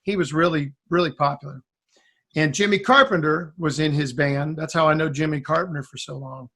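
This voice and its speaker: A guest musician chats casually, telling a long, rambling story and acting out the lines other people said with animation. His voice is fairly high in pitch and brisk.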